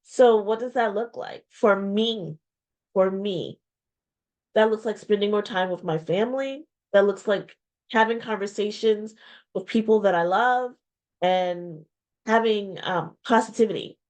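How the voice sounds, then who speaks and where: Slow, heartfelt woman talking to camera. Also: mid-range voice, darkish tone. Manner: reflective and heartfelt, with pauses and repeated phrases. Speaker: small business owner and vlogger. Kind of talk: candid personal vlog talk. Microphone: webcam or video-call mic.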